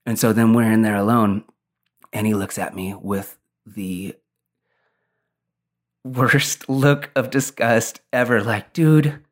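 A man's voice: on the low side, steady tone, slow pace, long pauses. A young man casually telling a long personal story, rambling and laid-back with lots of fillers.

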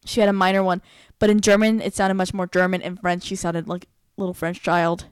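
A woman co-hosting a casual chat, telling stories animatedly and jumping up into high, playful voices when she quotes someone. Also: little pitch movement, a little fast, clear, resonant tone, no echo, studio quality. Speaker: co-host.

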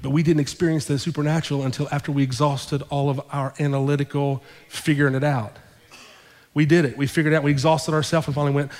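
A male pastor telling a story in his sermon, conversational and animated, repeating his phrases for effect. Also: fairly high pitch, fast talker, long reverb tail. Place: church sanctuary.

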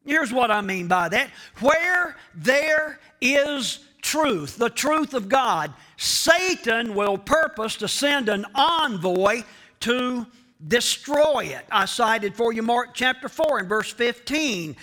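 A man preaching a sermon as pastor, slow and emphatic, repeating key phrases and speaking straight to the congregation. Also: very high voice, animated, pushed and bright. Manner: addresses the congregation directly.

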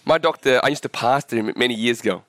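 Man in his forties, pastor preaching a sermon, sick and coughing, impassioned, even mid pitch, dry sound. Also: quick pace, no room sound. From Vietnam. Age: 40s. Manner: impassioned, rising in pitch at climaxes, asks the crowd questions. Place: church.

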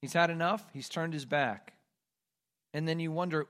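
A man preaching a sermon, reading scripture aloud and moving between loud, pleading cries and hushed, quiet lines. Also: a little high, moderate pace, pauses often. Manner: reads scripture aloud with emphasis. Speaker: pastor.

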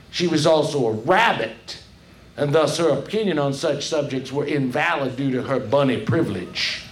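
A man's voice: medium pitch, a little hiss or hum. A man narrating a satirical folktale with a theatrical, drawling storyteller delivery. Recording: echoey room.

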